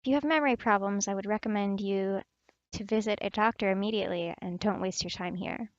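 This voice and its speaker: A woman's voice: medium pitch, a little fast, dry recording, dull audio, natural voice. A woman reading a stern mother superior nun.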